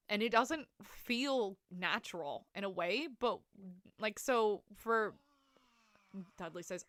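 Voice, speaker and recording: A woman's voice: medium pitch, unhurried, fairly bright tone, no echo. A young woman streaming a life-sim game, chatting to her viewers in a rambling, laugh-filled way. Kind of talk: casual live-stream chat.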